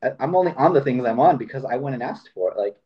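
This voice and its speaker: A man's voice: medium pitch, expressive, fast talker. A man hosting a casual conversation, rambling and acting out bits of dialogue as he tells stories. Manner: rambling, acts out quoted dialogue. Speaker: podcast host. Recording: dull lo-fi sound.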